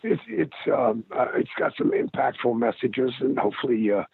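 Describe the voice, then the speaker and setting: Male guest, strained husky voice, dry phone-line sound, halting delivery. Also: medium pitch, expressive, no room sound. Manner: halting, many restarts. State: strained, hoarse voice. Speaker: podcast guest, actor. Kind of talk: casual interview.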